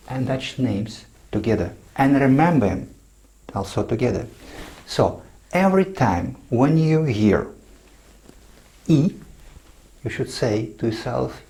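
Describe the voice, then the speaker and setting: A man gives an online language lesson at an unhurried, measured pace, his pitch sitting in a middle range. He talks straight to the viewer and leans on each letter and name as he spells them out. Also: warm tone. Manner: slow, deliberate, addresses the viewer directly; spells out letters and names with careful stress. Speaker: Dutch language teacher.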